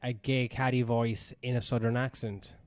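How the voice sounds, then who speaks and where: Guy cohost, crude deadpan one-liners, mid voice, dry. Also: medium pitch, moderate pace, no echo. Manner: blunt, crude, deadpan quips. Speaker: podcast co-host. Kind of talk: casual chat. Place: indoors.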